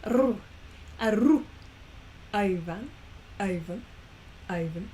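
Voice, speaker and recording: A woman's voice: medium pitch, unhurried, long pauses, a little hiss or hum. A young woman chatting casually to her own recording as she tries out accents, giggly and self-conscious, getting flustered at her own slips. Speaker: creator practicing accents.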